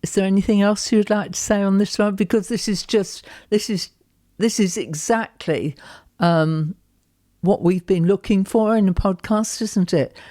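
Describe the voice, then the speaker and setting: Mellow woman hosting a podcast. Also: mid-range voice, measured pace. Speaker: podcast host.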